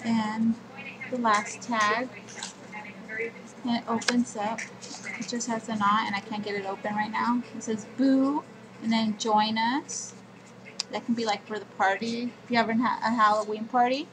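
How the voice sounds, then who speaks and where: A woman's voice: fairly high pitch, little pitch movement, background noise. A woman walking viewers through her scrapbook pages in a homely show-and-tell video. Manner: slow, homely walkthrough of pages. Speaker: crafting vlogger.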